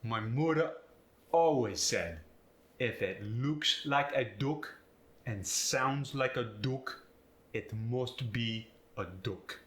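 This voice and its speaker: A man putting on a West African accent, speaking example sentences slowly and deliberately and stressing every syllable. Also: mid-range voice, fairly bright tone, echoey room. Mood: demonstrating.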